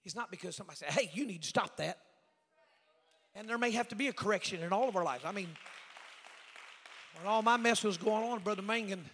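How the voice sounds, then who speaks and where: A male evangelist preaching a revival sermon with folksy asides, swinging between fiery shouts and hushed, near-whispered passages. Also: sits high, fast, a faint crowd, a little hiss or hum. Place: church sanctuary. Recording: long hall reverb with faint music.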